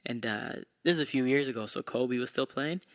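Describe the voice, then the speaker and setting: A young man hosting a casual comedy podcast. He tells stories in a lively way, laughs often and acts out the people he quotes. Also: mid-range voice, a little fast. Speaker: podcast host.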